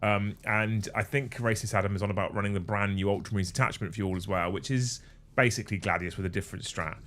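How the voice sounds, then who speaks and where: A man hosting a casual livestream, swearing freely, getting excitable and thanking viewers by name. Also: lowish voice, fast talker. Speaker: livestream host.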